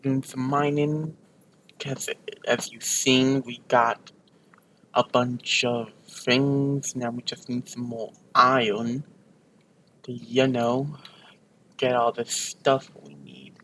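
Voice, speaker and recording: A man's voice: mid-range voice, fairly even intonation, slow pace, a bit bright, rough recording. A man recording a let's play, rambling casually with lots of fillers and restarts as he talks over his gameplay.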